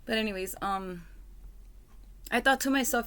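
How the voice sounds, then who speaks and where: A woman's voice: on the high side, a little slow, pauses often, a bit bright. A mother talking casually to her computer camera at home, rambling and apologizing often, with lots of fillers. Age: adult with a school-age son. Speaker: parent vlogger. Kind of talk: casual vlog talk. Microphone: computer webcam mic.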